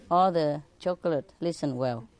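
Slow, playful woman telling jokes. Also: deep voice, a little mellow, dry recording. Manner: playful, laughs between lines, teases listeners with questions. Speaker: spiritual teacher. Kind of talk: telling jokes to a live audience.

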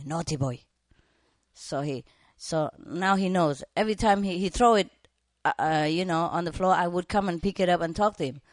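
A woman's voice: fairly low pitch, no room sound. Chatty woman telling pet stories, dry sound. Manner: chatty, laughs often, acts out her pets. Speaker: bird owner. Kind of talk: casual storytelling.

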